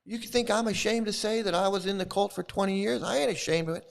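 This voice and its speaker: A man's voice: high voice, fast talker, gravelly. A middle-aged man hosting his own channel, ranting angrily and swearing at commenters in a confrontational, profane way. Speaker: YouTube channel host. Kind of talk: profane live-stream rant.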